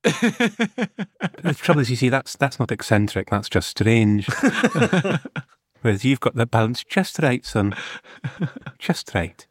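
A man's voice: mid-range voice, very animated, slow pace, pauses often, dry recording, studio quality. A man voicing a chummy male café cook who teases a customer in mock-confidential banter. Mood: wry.

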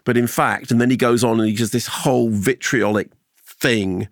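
A man co-hosting a casual chat, retelling film scenes and jokes in an animated, laughing way. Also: on the low side, normal speed, no echo, studio quality. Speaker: podcast co-host.

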